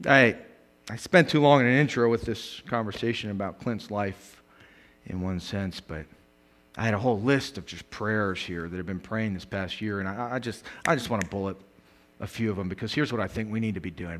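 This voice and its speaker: A male pastor preaching a sermon, animated, swinging between loud emphatic bursts and quiet asides, with frequent laughs. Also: fairly low pitch, moderate pace.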